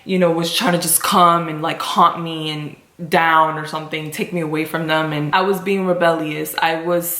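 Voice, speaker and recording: A young woman sits in a room and tells her viewers a personal story. She speaks in a fairly low voice, confiding and emotional. Her voice carries a roomy echo. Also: level tone, normal speed, few pauses, fairly bright tone. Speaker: vlogger. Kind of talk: storytime chat.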